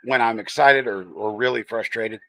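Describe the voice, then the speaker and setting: A livestream host with a Texan-tinged American accent chats casually and teases his viewers as he reads the chat. His medium-pitched voice is bright and forceful, at a normal speed.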